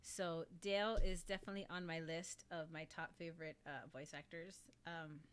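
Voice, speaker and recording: A woman's voice: sits low, steady tone, moderate pace, clear, resonant tone. A woman hosting a casual livestream, gushing about favorite voice actors in a rambling way, with lots of "like". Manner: gushing and rambling, heavy use of "like". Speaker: livestream host.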